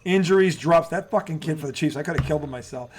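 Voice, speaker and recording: A man co-hosting a casual sports talk show, animated and profane, often trailing off and restarting. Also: a little high, fast talker, slight background noise.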